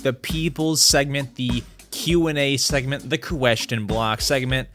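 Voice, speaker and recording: A young male podcast host with a fairly high voice that leaps around a lot as he talks. He chats casually and excitably and often builds into fired-up, exasperated rants. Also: measured pace, few pauses, soft background music. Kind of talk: casual solo podcast ramble.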